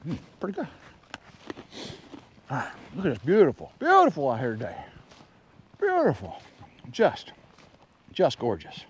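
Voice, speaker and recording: A man's voice: medium pitch, moderate pace, long pauses, slight background noise. A man rambling chattily on an outdoor vlog while hiking through snowy woods, a little out of breath. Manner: excitable, chatty, wanders between thoughts. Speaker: vlogger. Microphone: handheld camera.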